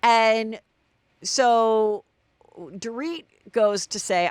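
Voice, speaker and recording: A woman's voice: mid-range voice, lively intonation, measured pace, a bit bright, clear, resonant tone, no echo. Chatty woman hosting a gossip podcast. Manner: chatty, gossipy, acts out quotes. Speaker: podcast host. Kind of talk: solo celebrity gossip podcast.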